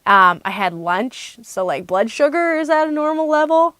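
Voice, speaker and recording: A woman hosting a craft podcast in casual chat, bubbly and excitable. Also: high voice, normal speed, no room sound. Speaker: podcast host.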